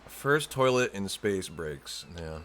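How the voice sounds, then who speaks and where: A man's voice: low voice, very animated, takes it slowly, fairly bright tone. A man chatting casually with his viewers while speedrunning a game live, rambling and laughing often. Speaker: speedrunner streamer. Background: game music.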